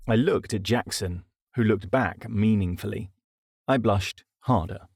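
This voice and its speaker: A man's voice: on the low side, unhurried, creaky, a little mellow, breathy edge, no room sound, studio quality. A man with a British accent narrating his comedy audiobook in a wry, self-deprecating way. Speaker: narrator and author.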